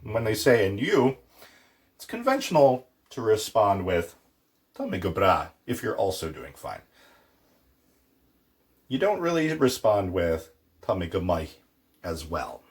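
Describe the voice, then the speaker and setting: A man's voice: lowish voice, wildly swooping pitch, measured pace, long pauses. A man teaching a casual, playful language lesson, acting out little mock dialogues with a student.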